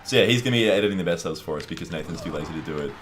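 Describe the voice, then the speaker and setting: Fast-talking Australian man, deep voice. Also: faint music behind. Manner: animated, swearing, acts out voices in his stories. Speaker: co-host. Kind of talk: casual gaming chat, storytelling.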